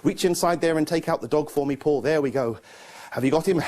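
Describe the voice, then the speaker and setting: A man's voice: on the high side, lively intonation, fast, a little mellow, a little hiss or hum. A man performing a children's magic show, coaxing a young volunteer with playful, mock-confused patter.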